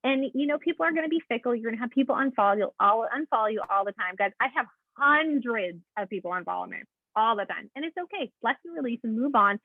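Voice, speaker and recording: A woman's voice: a little high, animated, quick pace, no echo. A woman coaching her team on a call, chatty and encouraging, checking in with her listeners often. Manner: chatty, keeps checking in with "okay?"; encouraging, addresses listeners as "guys". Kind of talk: motivational coaching talk. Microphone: call audio. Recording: tinny, dry phone-line sound.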